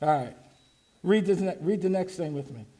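A pastor preaching, leading the congregation in call and response and shouting out his refrains. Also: fairly high pitch, lively intonation, normal speed. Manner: exhorting, shouting refrains, laughing asides.

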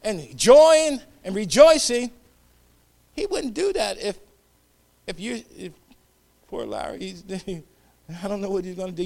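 A man preaching a sermon, leading call-and-response and dropping to whispered hallelujahs between loud calls. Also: sits high, gravelly.

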